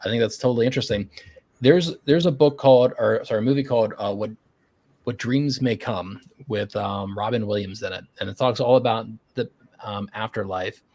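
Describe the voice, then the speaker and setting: A man's voice: fairly low pitch, a little fast, a little mellow. A man hosting a podcast, chatting casually and encouragingly, with the occasional swear word. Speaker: podcast host. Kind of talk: casual interview chat.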